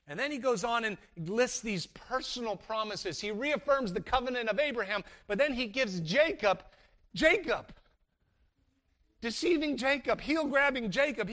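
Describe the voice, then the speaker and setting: A man's voice: very high voice, fairly bright tone. A man preaching a sermon, emphatic, with frequent restarts and repeated words. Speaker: pastor.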